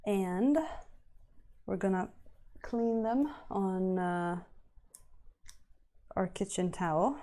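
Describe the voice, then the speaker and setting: A woman's voice: medium pitch, mellow. A woman chatting casually with her live-stream viewers while she paints a miniature, rambling and laughing often.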